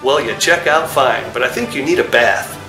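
A man's voice: medium pitch, normal speed, reverberant, music in the background, close to an everyday voice. A man voicing a fussy, middle-aged male doctor who keeps exclaiming in surprise. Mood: surprised.

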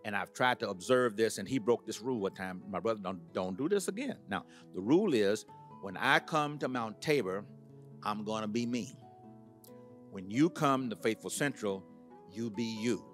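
A man's voice: lowish voice, expressive, moderate pace, soft background music. A man, a pastor, giving a playful, teasing speech at a tribute. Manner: playful, teasing preacher's delivery.

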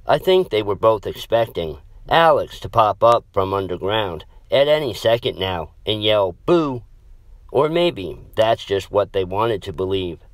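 A man narrating a horror story in a dramatic, measured way. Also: on the low side, lively intonation, dry recording.

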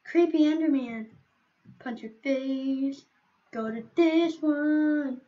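A woman's voice: sits high, slow pace, warm tone, lo-fi sound. A woman streaming a game, chatting casually to viewers in a playful, rambling way with silly asides, on a computer microphone. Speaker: gaming streamer.

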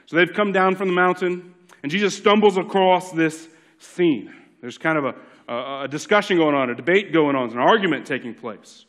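Male pastor, sermon, slightly high voice, emphatic then hushed delivery, repeats lines for emphasis. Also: normal speed. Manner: dynamic preaching, swings from loud emphatic lines to hushed ones; repeats key lines for emphasis, acts out quotes. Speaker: lead pastor.

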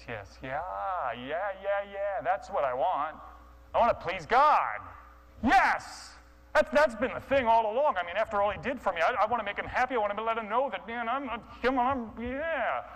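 A man's voice: high-pitched, a bit bright, in a large hall, rough recording. Man acting out a sermon story, stammering. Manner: stammering restarts, acting out inner thoughts. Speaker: guest speaker.

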